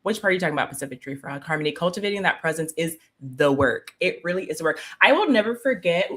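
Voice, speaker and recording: A woman's voice: on the low side, lively intonation, fast, fairly bright tone. A woman spiritual coach chatting casually on a live stream, laughing often, full of "like" and "um", and greeting viewers by name. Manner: filler-heavy with "like" and "um". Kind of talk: casual livestream chat.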